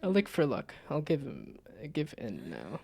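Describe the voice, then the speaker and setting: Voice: mid-range voice, wildly swooping pitch, a little slow, gravelly, a little mellow, husky, full character voice. A loyal talking dog from a story game, speaking in a solemn, old-fashioned way, as a streamer reads its lines aloud. It uses archaic words and addresses the listener with formal courtesy. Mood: earnest.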